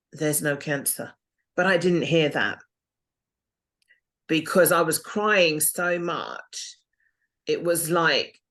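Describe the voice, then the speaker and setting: A woman's voice: deep voice, a bit bright. A woman guest telling her own story in an interview, earnest and reflective. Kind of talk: interview testimony.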